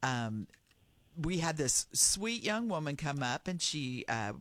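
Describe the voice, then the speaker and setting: A man's voice: a little high, sing-song, takes it slowly, a bit bright, no echo. A man co-hosting a radio show, chatting and telling stories in a friendly, conversational way. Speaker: radio co-host. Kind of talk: casual studio chat.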